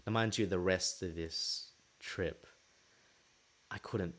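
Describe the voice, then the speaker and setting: A man hosting a podcast, telling a personal story in a casual, lively way and acting out what people said. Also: low-pitched, takes it slowly. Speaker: podcast host.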